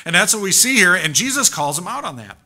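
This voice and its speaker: Male pastor preaching hard in church, really punchy bright voice, lotta rhetorical questions. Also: high voice, sing-song, quick pace. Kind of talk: sermon. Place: church sanctuary.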